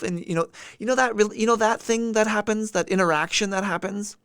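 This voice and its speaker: A man hosts a live stream in a voice pitched a little higher than most men's. He speaks earnestly and with feeling, stopping now and then to answer comments from viewers. His voice is close and dry, with no room sound around it. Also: fairly quick, few pauses, a bit bright, smooth, no room sound. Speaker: livestream host. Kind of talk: heartfelt livestream talk.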